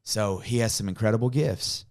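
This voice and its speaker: A man, a pastor, tells a personal story in a podcast conversation, earnest and dropping to a hush in emotional moments. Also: on the low side, moderate pace.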